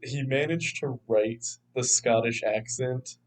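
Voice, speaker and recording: A man's voice: medium pitch, slow pace, rough recording. A man co-hosting a film podcast, chatting casually, rambling and laughing as he talks. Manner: rambling, laughs often, acts out quotes. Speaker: podcast co-host. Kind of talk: casual chat.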